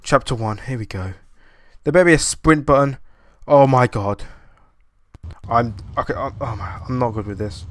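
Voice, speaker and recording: A young man doing horror-game commentary at an ordinary, middle pitch. He sounds jumpy and panicky, often breaking into loud bursts of alarm, and he hums sing-song tunes to himself to stay calm. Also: moderate pace, pauses often, dry recording. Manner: sing-song humming to calm his nerves. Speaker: gaming YouTuber.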